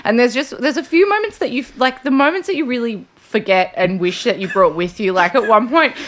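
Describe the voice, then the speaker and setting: A woman's voice: a little high, expressive. A woman with an Australian accent, a guest on a podcast, chatting playfully and joking. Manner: playful, quick to joke and laugh. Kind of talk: casual chat.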